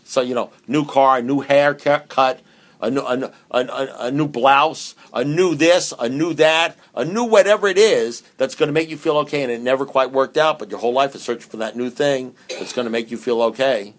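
A man's voice: medium pitch, moderate pace. A man giving a humorous, emphatic talk at a recovery meeting, with many restarts and repeated phrases. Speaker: AA speaker.

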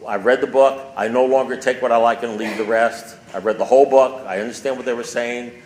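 A man's voice: mid-range voice, steady tone, a little fast, a little mellow. Emphatic man speaking at a recovery meeting. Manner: emphatic and repetitive, building with rising force. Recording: echoey room with faint background noise.

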